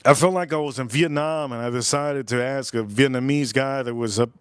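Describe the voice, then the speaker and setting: A man's voice: mid-range voice, fairly quick, clean tone, dry recording, studio quality. A man hosting a live cooking stream, chatting loosely, joking and repeating himself as he reads the chat. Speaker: livestream host.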